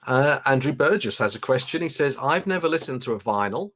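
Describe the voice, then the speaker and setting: A chatty man hosting a live stream, rambling easily as he reads out viewers' comments. His voice sits at an ordinary middle pitch, and he talks in a loose, unscripted way at a desk mic. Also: lively intonation, a little fast, fairly bright tone. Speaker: livestream host. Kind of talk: casual live unboxing chat.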